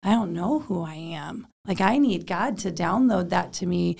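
A woman's voice: fairly low pitch, lively intonation, moderate pace, creaky, a little mellow. A woman and mother talking about parenting in a casual, chatty way, with lots of "like". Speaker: co-host, parent. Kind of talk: casual faith talk.

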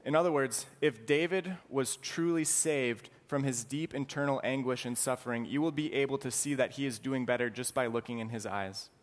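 A man's voice: medium pitch, moderate pace, few pauses. Earnest male preacher in a reverberant hall. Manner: earnest, expository teaching. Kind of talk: sermon.

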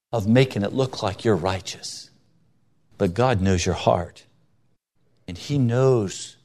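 A man's voice: fairly low pitch, a little mellow. A man preaching a sermon with emphatic delivery, rising and falling for stress, acting out quoted voices in his stories. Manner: acts out quoted voices in anecdotes.

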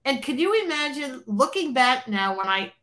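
A fairly high-voiced woman tells a story in an interview. She talks in an animated way, acts out the lines of people in her story, and laughs often. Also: moderate pace. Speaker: interview guest, former record label creative executive.

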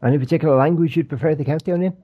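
Brief: man, podcast co-host, dry wit, dark mellow tone, dull recording. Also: a little high, very fast, breathy edge. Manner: dry, joking banter. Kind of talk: casual chat. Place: rented flat abroad.

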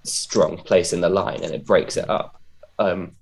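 Deep-voiced man musing hesitantly. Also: steady tone, unhurried. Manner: hesitant, filler-heavy, searching for words. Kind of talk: casual conversation about poetry and rap.

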